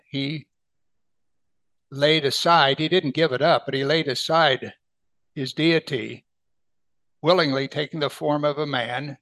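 Emphatic preacher, man, slightly high voice. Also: no room sound. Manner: emphatic, rising to stress key words then dropping soft. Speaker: pastor. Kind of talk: sermon.

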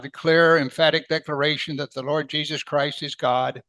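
A man preaching a Bible sermon, emphatic, lifting his voice on key words and then dropping it soft. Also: a little high, flat delivery, moderate pace, few pauses, no echo. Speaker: pastor.

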